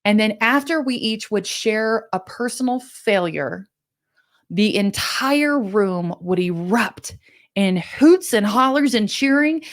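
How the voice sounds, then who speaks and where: A woman's voice: a little high, unhurried. A woman from Kansas hosting a motivational podcast, telling stories in an earnest, encouraging way with frequent restarts. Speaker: podcast host and business coach.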